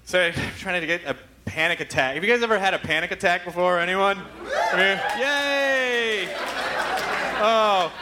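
A man's voice: high-pitched, fast talker, few pauses, a crowd in the background. A man hosting a live podcast in front of an audience, talking in a hyper, rambling, profane way. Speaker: podcast host. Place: live theater stage with audience. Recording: live venue with audience noise.

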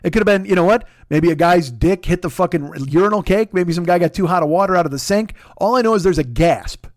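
A man spins a comic story in a loose, profane way. He hushes down when retelling moments, then rises again with exasperated energy. His voice sits a bit high and the sound is close and dry. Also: fast talker, no room sound. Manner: profane, animated, swings between hushed retelling and loud exasperation. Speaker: comedian storyteller. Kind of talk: casual comedic storytelling.

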